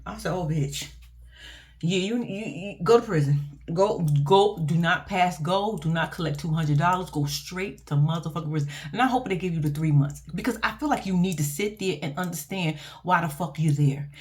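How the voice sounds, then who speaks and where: A woman giving a casual, profane and animated reaction vlog about a reality TV show, speaking. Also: on the low side, normal speed. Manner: blunt, profane, animated and laughing. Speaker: reality TV commentator.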